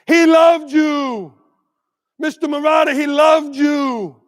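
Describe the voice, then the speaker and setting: An upset shouting mother, put on by a man. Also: extremely high pitch, fairly even intonation, slow, voice pushed up. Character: exasperated, protective mother shouting at the school leader. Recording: long hall reverb.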